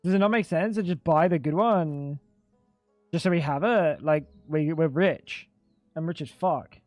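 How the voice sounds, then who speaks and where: A man's voice: a little high, measured pace, a little mellow, dry recording, faint music behind. A man live-streaming a video game in casual, chatty commentary, swearing freely and calling everyone "dude". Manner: chatty, swears a lot, keeps saying "dude". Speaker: gaming streamer.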